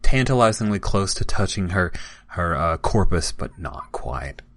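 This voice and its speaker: A man's voice: sits low, sing-song, a little slow, fairly bright tone, no room sound. A man playing a tabletop game as a guest, joking in a playful way. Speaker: guest player.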